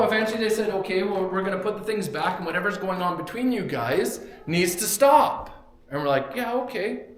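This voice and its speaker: A young man preaching a sermon in a church, telling a story animatedly and acting out the quotes. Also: sits high. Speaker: pastor. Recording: very echoey church hall.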